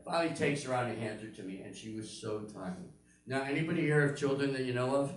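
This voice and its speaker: A man's voice: medium pitch, quick pace. Older male stand-up comic with punchy storytelling. Mid-range voice, very roomy echo, mic set back. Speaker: stand-up comedian. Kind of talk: stand-up routine. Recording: very echoey room, mic at a distance.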